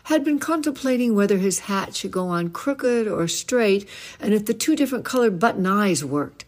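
A woman in her seventies, a novelist, expressively reading a passage from her own book aloud. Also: fairly low pitch. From United States. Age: 70s. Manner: expressive storytelling reading with voiced quotes.

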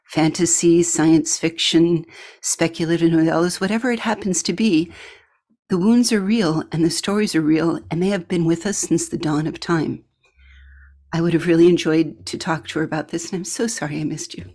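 Host woman with a lowish voice. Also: moderate pace, darkish tone. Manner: fond, addresses listeners as darling. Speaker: podcast host. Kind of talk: introducing readings.

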